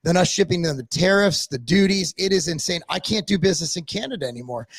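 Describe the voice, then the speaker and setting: Male co-host, higher pitch, blunt profane rambling delivery, dry close sound. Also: lively intonation, fast, no room sound. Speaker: podcast co-host. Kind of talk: casual chat.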